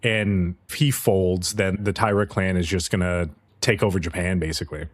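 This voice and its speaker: A man's voice: low-pitched, fairly even intonation, normal speed. A man hosting a podcast, casually recapping an episode in a breezy, profane storytelling manner. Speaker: podcast host.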